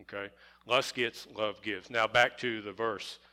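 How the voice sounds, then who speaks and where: Slow, emphatic male preacher. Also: fairly low pitch, steady tone, sharp tone. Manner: deliberate, repeats and stresses key words, rising emphasis. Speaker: pastor. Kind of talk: sermon.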